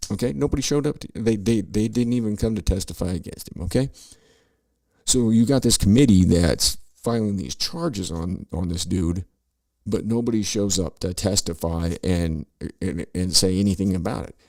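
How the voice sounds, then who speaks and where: A man's voice: fairly low pitch, normal speed, darkish tone, no room sound. A middle-aged man hosting a podcast, ranting and swearing sarcastically while reacting to news clips. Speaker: podcast host. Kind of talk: profane political commentary over news clips.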